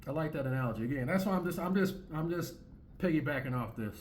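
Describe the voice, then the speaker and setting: On his own commentary channel, this man reacts to clips with a blunt, opinionated monologue, repeating himself, restarting often and swearing. His voice is a little high and expressive, his pace quick, and there's a faint hiss or hum.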